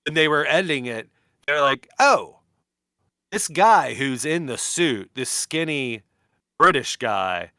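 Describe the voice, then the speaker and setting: An animated man co-hosting a podcast, trading loose banter and tossing in quick comic voices. His pitch bounces around a lot and his tone is bright and forward. The sound is close and dry. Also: dry recording. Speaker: podcast co-host. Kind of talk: casual chat.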